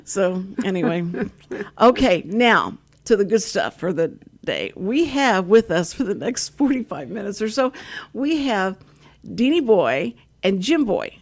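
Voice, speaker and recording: A woman's voice: mid-range voice, very animated, unhurried, a little mellow. An older woman hosting a community radio talk show, chatting and laughing often as she tells stories. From Texas. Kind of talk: casual radio chat.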